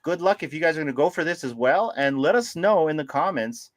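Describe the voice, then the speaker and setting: A man co-hosting a casual livestream about collectibles, animated and laughing often as he greets viewers by name. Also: fairly high pitch, fairly quick, dry recording. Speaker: livestream co-host.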